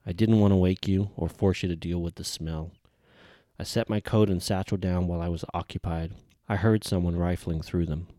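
A man's voice: low-pitched, fairly even intonation, normal speed, mellow, no echo, studio quality, close to an everyday voice. A man reading a storybook voices an evasive, deferential male soldier who speaks hesitantly to his superior. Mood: apologetic.

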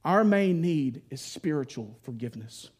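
High-voiced man preaching a folksy sermon. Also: expressive, normal speed, slightly rough. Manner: folksy storytelling with playful voiced asides; drops to a hushed, solemn tone at key points.

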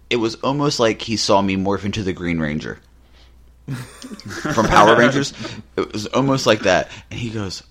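A man with a low, deep voice chats casually on a podcast. He spins animated anecdotes and slips into the voices of the people in them. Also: moderate pace. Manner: animated, acts out quotes in his anecdotes. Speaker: podcast co-host. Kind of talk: casual storytelling chat.

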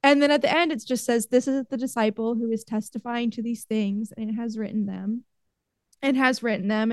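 A young woman with a slightly high voice talks in an effusive, easily moved way. The recording is dry and close. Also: darkish tone, no echo. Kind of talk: casual chat.

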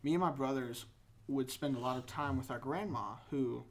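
A woman's voice: a bass voice, normal speed, slight background noise. A woman co-hosting a podcast, telling a childhood story in a casual chat, rambling with fillers and laughing along. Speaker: podcast co-host.

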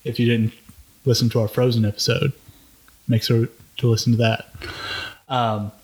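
A man co-hosting a podcast, talking about a TV series in a measured, even-handed way, often restarting his sentences. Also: mid-range voice. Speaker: podcast co-host. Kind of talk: casual chat reviewing a TV series.

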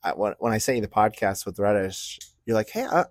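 A man's voice: lowish voice, little pitch movement, dry recording, clean studio sound. A man hosting a podcast interview in a casual chat, often stumbling over his words and repeating them. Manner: halting, repeats words, laughs along. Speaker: podcast host.

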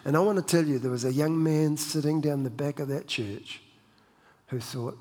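A man's voice: a little high, moderate pace, a little mellow. A man preaching a sermon in a conversational, storytelling way, with frequent restarts and self-deprecating humor. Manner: many restarts and repeated words. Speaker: pastor. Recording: long reverb of a church hall.

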